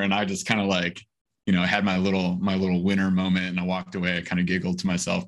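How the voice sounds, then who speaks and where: A young adult man casually telling a story on a sales podcast, animated and acting out the voices of the people in it. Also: low voice, fast. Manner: animated, acts out quoted voices. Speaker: podcast co-host, sales trainer.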